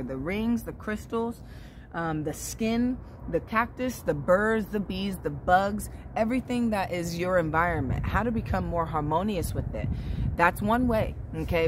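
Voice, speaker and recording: Relaxed chatty woman, lowish voice. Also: a little hiss or hum. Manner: relaxed, chatty, repeats "right?" often. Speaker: vlogger. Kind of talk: casual spiritual vlog talk.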